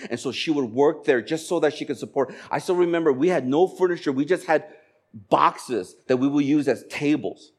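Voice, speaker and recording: Man preaching with animated storytelling. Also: mid-range voice. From Korea. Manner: animated storytelling, acting out dialogue. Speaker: pastor. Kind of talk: sermon.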